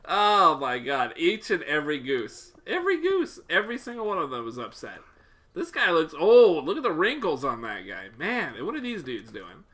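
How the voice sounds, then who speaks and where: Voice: medium pitch, wildly swooping pitch, moderate pace, fairly bright tone. A livestreamer giving live gameplay commentary, playful and profane, breaking into long laughing fits until in tears.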